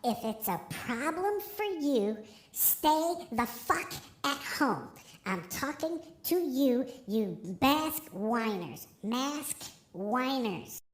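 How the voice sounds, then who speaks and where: A squeaky, wildly swooping toddler voice lectures grown-ups with mocking scorn. Every word is drawn out slow and babyish. The sound rings a little, as if in an echoey room. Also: male voice, big pitch swings, exaggerated voice.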